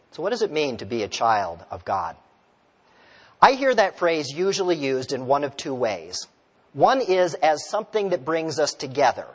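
A male pastor preaching a sermon in a relaxed, conversational way, telling stories and asking the congregation questions. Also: on the high side. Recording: long reverb of a large hall.

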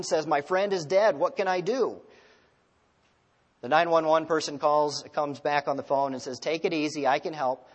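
A male pastor delivers a sermon in a fairly high voice. He tells stories, puts rhetorical questions to the congregation, and shifts between strong emphasis and near-hushed phrases. His words ring out in a large hall with a long reverb tail.

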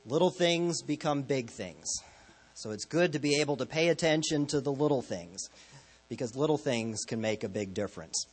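A man's voice: medium pitch, expressive, moderate pace. A man preaching a sermon as a pastor, telling stories in a conversational, lightly humorous way.

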